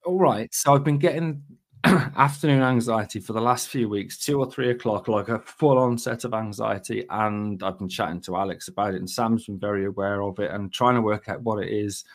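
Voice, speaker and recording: A man's voice: on the low side, a little fast. A man co-hosting a podcast who chats casually and uses dry, sarcastic humor. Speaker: podcast co-host.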